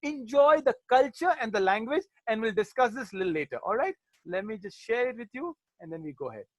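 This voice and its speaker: A man's voice: sits high, animated, a little fast, dry recording. A male teacher giving a chatty, jokey online class, sprinkling in Arabic religious phrases.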